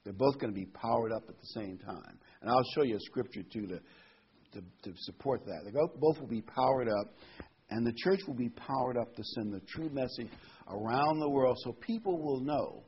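Husky man preaching with emphasis. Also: mid-range voice, normal speed, dull audio. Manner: emphatic, reads and stresses scripture words. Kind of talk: sermon.

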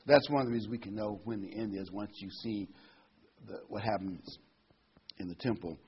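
A man's voice: fairly low pitch, fairly quick, lo-fi sound, slight background noise. A man preaching a sermon, reading scripture aloud and stressing key words as he explains them.

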